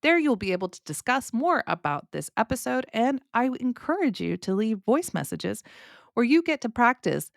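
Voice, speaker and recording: Lively Californian woman teaching English. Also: fairly high pitch, moderate pace, gravelly, dry recording, studio quality. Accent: Californian with light Southern US touches. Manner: lively, demonstrative, stresses words for teaching. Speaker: podcast host and English teacher. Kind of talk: podcast English lesson.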